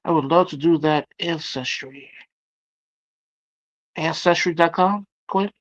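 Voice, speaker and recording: A man hosting a livestream, chatting casually as he reads out viewer comments and reacts to them with loud exclamations. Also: on the high side, slow, dry recording, muffled recording. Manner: exclamatory, reacting aloud to chat. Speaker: livestream host.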